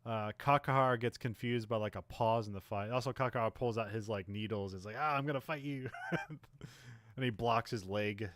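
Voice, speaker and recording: A man co-hosting a podcast, casually recapping a film plot with many fillers and quick acted-out character lines. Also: on the low side, fairly even intonation, a bit bright, dry recording. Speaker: podcast co-host. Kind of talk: casual movie recap chat.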